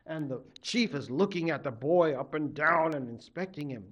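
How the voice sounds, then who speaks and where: A man from a Native American tribe, a college literature instructor telling a legend in an animated lecture, acting out the characters. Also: fairly high pitch, normal speed, hardly any pauses, lo-fi sound. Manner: animated, acts out the characters' voices. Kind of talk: storytelling lecture.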